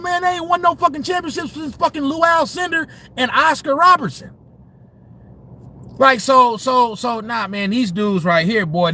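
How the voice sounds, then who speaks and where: Male sports vlogger, high voice, heated and profane, repetitive slangy rant. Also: a bit bright.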